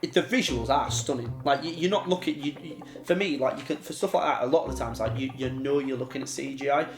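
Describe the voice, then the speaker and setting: Fast-talking man in a roomy space. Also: medium pitch, over music. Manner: rapid, with many restarts and stumbles. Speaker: film show co-host. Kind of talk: casual film debate.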